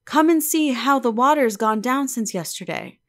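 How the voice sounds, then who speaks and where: A woman's voice: high-pitched, expressive, normal speed, pitched above the performer's own voice. A woman doing Eppie, an eager young village girl. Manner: eager, bright and coaxing.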